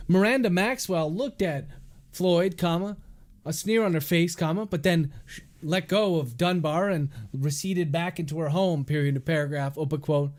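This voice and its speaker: A man's voice: fairly high pitch, a little mellow. Author dictating his novel, punctuation aloud.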